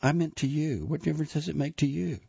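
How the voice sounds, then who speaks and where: A man reading an audiobook, voicing a tired, stubborn older mother who talks plainly and defends herself quietly. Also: fairly high pitch, fast talker, gravelly, husky, no room sound, highs cut off, pitched above the performer's own voice.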